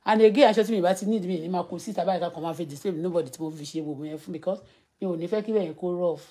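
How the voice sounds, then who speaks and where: This woman's voice is lowish and dark with a breathy edge, and she talks very fast. In her thirties and speaking with a Nigerian Yoruba accent, she chats casually on a live stream, laughing frequently and reading viewer comments aloud.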